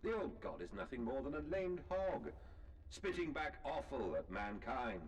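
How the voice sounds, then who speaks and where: A man's voice: mid-range voice, expressive, moderate pace, slightly rough, recorded from a distance, low-quality recording. An actor playing a fanatical male zealot who speaks in a declamatory, contemptuous way, heard as game audio. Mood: scornful.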